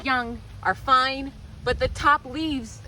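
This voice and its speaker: A woman's voice: sits high, slow pace, sharp tone, slight background noise, poor audio. A woman with a Southern American accent vlogging in her outdoor garden, talking straight to the critters and airing her frustration. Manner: exasperated, talks to garden critters. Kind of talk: casual garden vlog.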